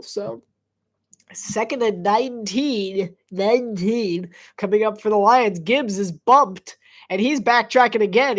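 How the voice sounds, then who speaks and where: Congested woman giggling through play-by-play. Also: medium pitch. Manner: chatty, giggly, easily distracted. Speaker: live game commentator. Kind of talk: casual live play-by-play commentary.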